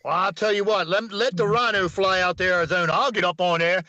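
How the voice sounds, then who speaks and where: A man's voice: high voice, fairly even intonation, quick pace, few pauses, bright, forceful tone, no room sound. A man hosting a casual livestream panel, playful and teasing, talking over his phone. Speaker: show host. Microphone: phone over a video call.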